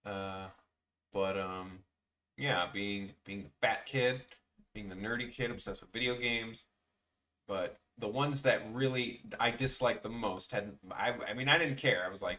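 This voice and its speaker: Young guy streaming, chatty, stumbles over words a lot, bright voice a bit far from the mic. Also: fairly low pitch, unhurried. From Chicago, USA. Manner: rambling, self-deprecating, stammers and restarts. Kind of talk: casual chat while drawing on stream.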